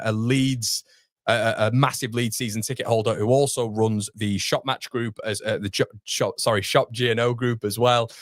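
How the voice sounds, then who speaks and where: A man's voice: on the low side, fairly bright tone, dry recording, clean studio sound. A young man hosting a live football fan stream, chatting casually and reading viewer comments aloud. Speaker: fan channel host. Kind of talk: live football watchalong chat.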